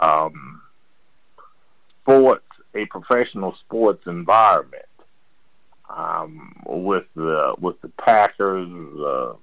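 An older man and former basketball player, answering interview questions slowly, with many pauses and fillers, on a dull lo-fi recording. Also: deep voice, no echo. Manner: slow, halting, with many fillers. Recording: dull lo-fi sound.

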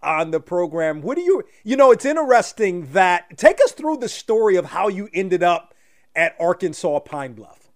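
A man with a high voice hosts an interview. He asks his questions haltingly and fills the gaps with lots of uhs and restarts. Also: sing-song. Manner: halting, many fillers. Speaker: radio host.

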